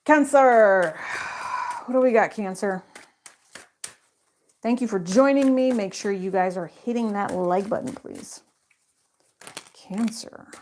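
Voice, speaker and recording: A woman's voice: mid-range voice, a little mellow, a little hiss or hum. A woman giving a casual tarot reading straight to her viewers in a chatty, slangy way. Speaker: tarot reader.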